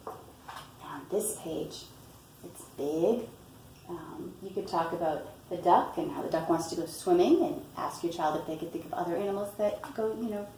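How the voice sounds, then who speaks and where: A woman reading a picture book aloud and explaining storytime tips in a patient way, often pausing with "um" and "you know". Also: on the low side, a little mellow, slight background noise. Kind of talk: instructional read-aloud tutorial. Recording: roomy, from a distance, faint ambience.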